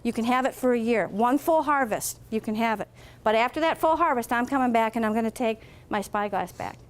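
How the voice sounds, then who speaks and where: A woman telling a tale, giving voice to a wise old man who carries a magic spyglass. He speaks calmly and patiently, insisting, in a somewhat high register. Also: fairly quick, lightly acted.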